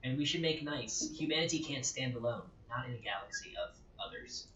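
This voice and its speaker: A man's voice: mid-range voice, expressive, fairly quick, sharp tone, slight background noise. An American man giving rambling, joking let's-play commentary in a casual way. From United States. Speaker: gameplay commentator. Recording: echoey, dull home recording.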